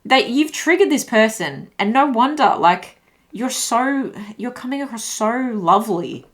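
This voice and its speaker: A tarot reader gives an intuitive reading to camera for her viewers, chatty and thinking aloud with lots of fillers and restarts. Her voice is a little high and animated, at a measured pace.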